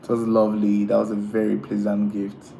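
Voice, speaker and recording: A man's voice: on the low side, monotone, brisk, vocal fry, dark tone, a little hiss or hum, rough recording. A man hosting a casual live stream, chatting with viewers, teasing them and laughing often. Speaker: livestream host reading chat.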